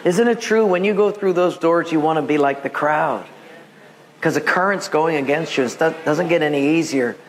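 High-voiced animated pastor. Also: male voice, moderate pace. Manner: animated, acts out voices and quotes, laughs with the congregation. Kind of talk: sermon with storytelling. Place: church with a live congregation.

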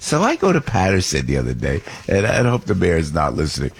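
Guy on the radio, low husky voice, rambles and goes off on tangents, keeps asking am i right or wrong. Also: quick pace. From New Jersey. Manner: rambling, animated, rhetorical questions. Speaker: radio host. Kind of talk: opinionated radio talk.

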